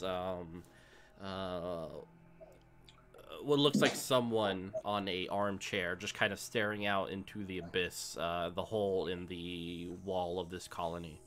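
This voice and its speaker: A man acting as game master, narrating a tabletop horror game in an unhurried way with many pauses. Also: lowish voice, fairly bright tone. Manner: unhurried scene-setting with frequent "uh" pauses.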